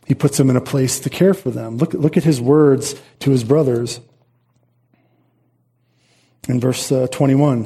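Mellow, husky-voiced preaching man. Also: mid-range voice, normal speed. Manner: earnest, repetitive preaching with restarts. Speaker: pastor. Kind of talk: sermon.

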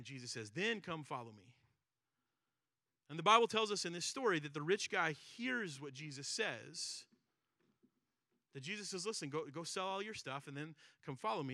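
Bright, conversational man preaching a sermon. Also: fairly high pitch, dry recording, clean studio sound. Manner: conversational, repeats words and acts out quoted prayers; rhetorical questions with frequent "right?" and "like". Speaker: pastor.

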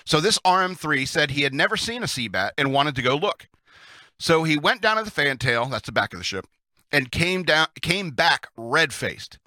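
Guy telling old navy stories, laughs a lot, real sharp bright voice, kinda high. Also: big pitch swings, normal speed, no room sound, clean studio sound. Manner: chuckles often, chatty asides. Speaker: host reading Navy stories. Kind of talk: casual storytelling.

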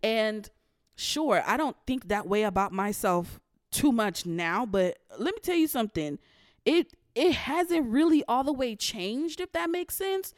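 Speaking a little slowly in an animated voice on the high side, a young woman tells a personal story on her podcast. She's blunt and swears, at times fighting tears, and the studio recording is dry.

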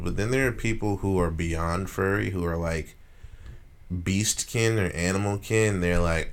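A man with a very deep voice trades loose, joking banter on a podcast. He talks casually and swears freely. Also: normal speed. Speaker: podcast co-host. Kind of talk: casual chat.

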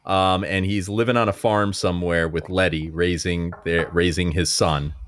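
A man's voice: low-pitched, fairly even intonation, normal speed, a bit bright, a little hiss or hum. A man chatting casually on a movie podcast, summarizing a film in a rambling way with many fillers, restarts and laughs.

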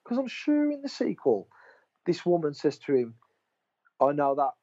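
Man, mellow voice, slightly raised pitch, rambling and sweary, lo-fi recording; for a casual film-chat podcast. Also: huge pitch swings, normal speed. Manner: rambling storyteller, swears freely, retells conversations. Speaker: podcast co-host.

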